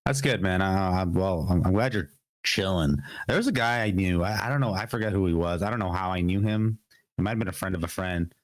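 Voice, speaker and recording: A man's voice: sits low, a little fast, no room sound, clean studio sound. A young man hosting a casual gaming podcast, a bit sick with a cough, rambling and repeating his words. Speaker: podcast host. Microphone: podcast mic.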